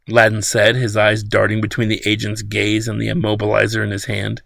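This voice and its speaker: A man narrating an audiobook in a steady storytelling manner. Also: fairly low pitch, fairly quick, vocal fry, hardly any pauses, no echo.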